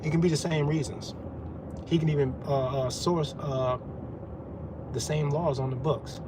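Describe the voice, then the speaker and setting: A man rants in a confrontational, profane way. His voice sits a little high for a man. There is clear noise behind him, with vehicle sounds. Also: fairly even intonation, normal speed. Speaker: vlogger. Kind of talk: ranting monologue.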